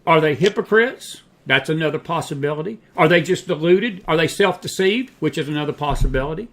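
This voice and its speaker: Emphatic male talk show host, high-pitched, drives points home with repetition. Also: expressive, brisk, a bit bright. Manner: emphatic, repeats words for effect. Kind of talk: casual talk show discussion.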